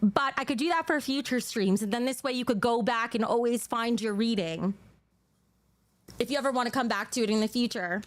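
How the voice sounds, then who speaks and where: A woman's voice: a little high, fairly quick. A young woman giving tarot readings on a live stream, talking casually and chatting with viewers between cards. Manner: chatty, reads viewer names and pulls cards aloud. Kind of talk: casual livestream chat.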